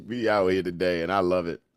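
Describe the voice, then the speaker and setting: A man's voice: low-pitched, fairly even intonation, brisk, smooth, no echo, studio quality. A man from Washington, D.C. hosting a casual livestream, reading chat comments aloud and laughing often.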